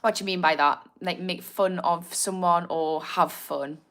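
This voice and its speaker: A woman with a Newcastle accent, a therapist hosting a casual livestream, chatting warmly and laughing often as she answers her viewers. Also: lowish voice, fairly even intonation, unhurried. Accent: Newcastle (Geordie). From north of England. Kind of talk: casual livestream chat, reading out viewer comments.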